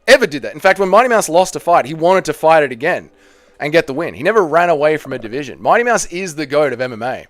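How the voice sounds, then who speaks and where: A man's voice: fairly high pitch, very animated, quick pace. A young man hosting a live stream watch party, ranting heatedly and swearing while reading and answering chat. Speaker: streamer host.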